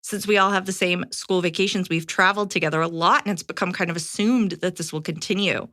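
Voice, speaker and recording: A woman co-hosting a podcast, reading listener letters aloud in a brisk, matter-of-fact way. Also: fairly low pitch, fairly even intonation, a bit bright. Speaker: podcast co-host.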